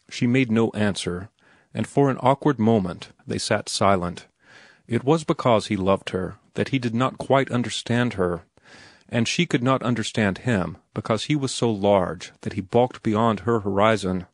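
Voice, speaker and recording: A man reads an audiobook in a low register, taking a measured and even storytelling pace. The recording is close and dead dry, with no room sound. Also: dry recording. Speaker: audiobook narrator. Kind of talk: scripted audiobook narration.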